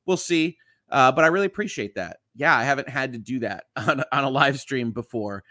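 A man's voice: mid-range voice, lively intonation, a little fast, sharp tone, no echo, clean studio sound. A man who is a lawyer, hosting a casual live stream and reading viewer comments aloud in a chatty way, with lots of fillers. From Southeast Michigan.

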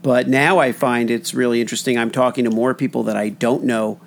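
A man hosting a podcast, chatting casually in a halting way with frequent restarts. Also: medium pitch, fairly even intonation, gravelly, a little hiss or hum. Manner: halting, many restarts and fillers. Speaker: podcast host. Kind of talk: casual interview chat.

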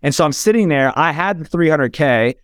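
A man's voice: on the high side, animated, a little fast, clean tone, dry recording, clean studio sound. A man telling an emotional personal story as a podcast guest, earnest, with frequent restarts.

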